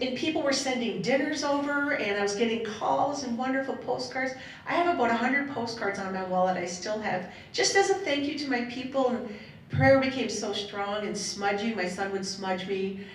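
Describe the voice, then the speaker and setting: Heartfelt middle-aged woman in an echoey hall. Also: normal speed. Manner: heartfelt, rambling, laughs between thoughts. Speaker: panel speaker sharing her story. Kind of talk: personal storytelling to a live audience. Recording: echoey hall, voice from a distance, faint rumble.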